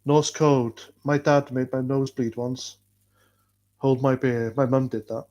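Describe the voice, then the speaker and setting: A North Welsh man hosts a casual livestream, talking bluntly and swearing freely as he rambles from point to point. His voice sits at an ordinary middle pitch. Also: steady tone, slow, a little mellow. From North Wales. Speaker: livestream host reading chat.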